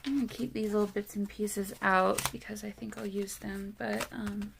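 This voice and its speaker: A woman's voice: mid-range voice, steady tone, normal speed, vocal fry, noisy background. A woman crafting on camera, chatting casually as she works, musing aloud, trailing off and laughing often. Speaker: craft vlogger. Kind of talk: casual talk while crafting.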